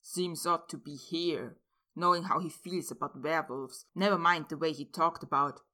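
Plain-talking protective young guy, woman reader, slightly low, bright. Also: moderate pace. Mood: blunt. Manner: plain-spoken, casual. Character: blunt, protective young man, loyal friend.

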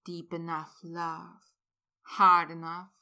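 A woman reading a story aloud, voicing an intense adult man who speaks to his lover in low, murmuring tones. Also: monotone, slow, pushed and bright, heavily acted. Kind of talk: reading fan fiction aloud.

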